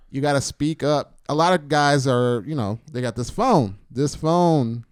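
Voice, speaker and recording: A man guesting on a comedy podcast, telling stories in an animated, joking way and acting out voices. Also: medium pitch, unhurried, hardly any pauses, clear, resonant tone, no echo, studio quality. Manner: animated storyteller, acts out voices. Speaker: podcast guest, radio personality. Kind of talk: casual comedic chat.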